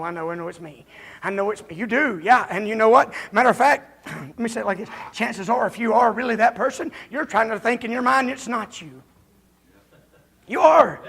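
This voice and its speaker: A man preaching a folksy, confrontational revival sermon as a visiting preacher in a church, building up to shouting. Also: high-pitched. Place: church during a revival service.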